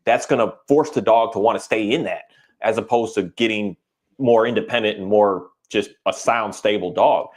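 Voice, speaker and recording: A dog trainer talking in a casual podcast conversation, animated and acting out quoted voices as he tells stories. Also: fairly low pitch, normal speed.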